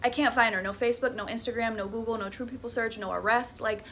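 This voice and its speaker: A woman's voice: a little high, steady tone, fast talker, fairly bright tone, slight background noise. A young woman with a Southern US accent tells a horror story in a casual, dramatic and profane way. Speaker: storytime creator.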